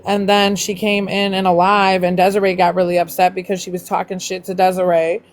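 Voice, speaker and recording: A woman in casual livestream chat, blunt and profane, talking quickly. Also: lowish voice, level tone. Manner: blunt, swears a lot, fast talking. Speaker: livestream co-host.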